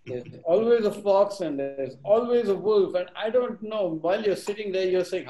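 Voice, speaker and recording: A man's voice: high-pitched, normal speed, warm tone, reverberant, rough recording. A man telling a fable to a live audience at a workshop. He acts out the characters in voices and quizzes the listeners as he goes. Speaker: workshop speaker. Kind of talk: storytelling to a live group.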